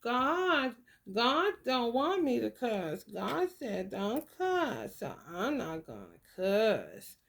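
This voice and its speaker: Een vrouw die een plechtig, vroom jongetje nadoet. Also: female voice, a little high, huge pitch swings, creaky, voice pushed up, exaggerated voice. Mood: solemn. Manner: slow, earnest, pious insistence. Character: solemn little boy refusing to cuss.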